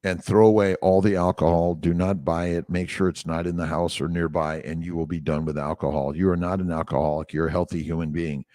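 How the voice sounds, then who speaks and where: A man in his sixties hosts a casual morning livestream, reading viewer comments aloud and cheering people on in a rambling way. His voice sits very low. The sound is dry and close, as if he is speaking straight into a phone. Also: fairly even intonation, fairly quick, hardly any pauses, dark tone, no room sound. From United States. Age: 60s. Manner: rambling, encouraging, reads out names and comments. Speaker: doctor hosting a morning livestream. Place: away from his usual office. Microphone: phone mic.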